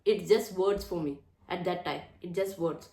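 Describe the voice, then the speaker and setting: A woman's voice: fairly low pitch, moderate pace, dark tone, slight background noise. A woman hosting her own channel, talking in an earnest, chatty way and often repeating phrases. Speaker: channel host. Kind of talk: casual chat to camera. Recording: roomy echo.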